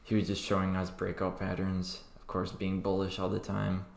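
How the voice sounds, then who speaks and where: A man's voice: low-pitched, completely flat delivery, moderate pace, gravelly. A young man hosting a crypto trading livestream, chatting casually and rambling with many fillers and restarts. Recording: echoey room with faint background noise.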